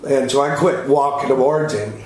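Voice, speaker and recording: A man's voice: medium pitch, normal speed, a little mellow. A man giving a witness statement, rambling and repeating himself in a plain-spoken casual account. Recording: heavy echo, faint background noise.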